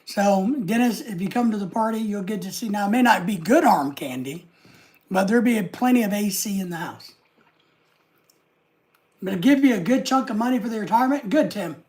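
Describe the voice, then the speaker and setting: A woman's voice: medium pitch, expressive, brisk, darkish tone. A woman hosting a casual live stream, rambling and reading viewer comments aloud.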